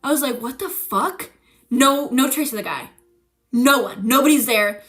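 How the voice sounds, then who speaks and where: A young woman with a bright, forceful voice pitched a little high tells a story in a casual stream chat. She swears freely and acts out the voices of the people in her story. She is animated and jumps between hushed and loud. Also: moderate pace, faint music behind. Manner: animated, profane, acting out quoted voices with laughs.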